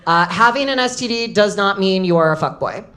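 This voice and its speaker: A comedic storyteller telling a live story to an audience, animated and bursting into loud shouts at punchlines. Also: female voice, medium pitch, brisk, slight background noise. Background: audience laughter.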